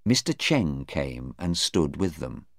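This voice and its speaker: Man, storybook narrator, very slow, swooping pitch, dry close sound. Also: no echo. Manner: slow, careful reading with lively pitch. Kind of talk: scripted narration of a graded reader.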